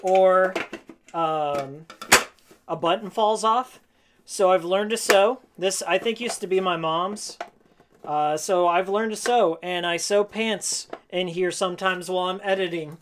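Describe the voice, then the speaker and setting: A man live-streaming casually while he cleans his game room, hoarse and losing his voice, jokey and rambling, repeating his own lines. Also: sits high, a little slow, background noise. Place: game room at home, indoors.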